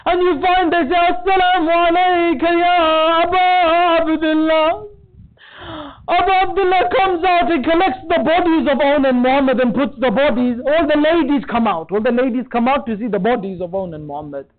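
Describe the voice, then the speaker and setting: A man delivers a mourning sermon in a very high, strained register, his narration swelling into a wailing, tearful chant. The recording is thin and tinny, as if heard over a phone line, with the low end cut away. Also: brisk, hardly any pauses. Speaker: majlis speaker. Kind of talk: mourning sermon with lamenting recitation. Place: community centre hall.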